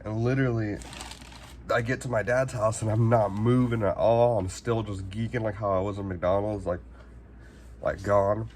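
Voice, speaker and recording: A man's voice: fairly low pitch, fairly even intonation, moderate pace, darkish tone, a little hiss or hum. A man, telling a casual storytime in a rambling, slangy way, swearing freely and saying "like" constantly. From Northern California. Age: 20s. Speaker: vlogger.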